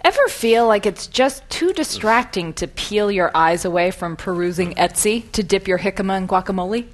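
A woman's voice: medium pitch, expressive, normal speed, a little hiss or hum. A woman reading a comic story on a radio panel in a wry, playful way.

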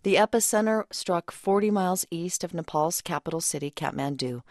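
A woman news anchor with a fairly low voice reads the headlines and puts questions to a correspondent. Her delivery is measured and composed, recorded close and dry in a studio. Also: darkish tone, dry recording. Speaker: news host. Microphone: studio mic.

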